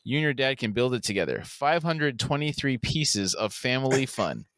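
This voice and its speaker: A man reading as a gruff vigilante. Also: medium pitch, sing-song, moderate pace, fairly bright tone, dry recording. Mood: jovial. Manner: reading lines aloud in a near-normal voice.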